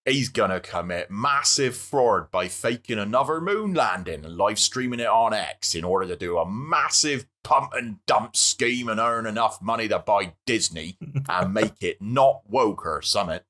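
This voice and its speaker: A man's voice: on the low side, lively intonation, normal speed, hardly any pauses, bright, forceful tone. A man playing a self-important actor giving warnings. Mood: grave. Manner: self-important, keeps repeating his own name. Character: pompous actor who delivers warnings from the moon.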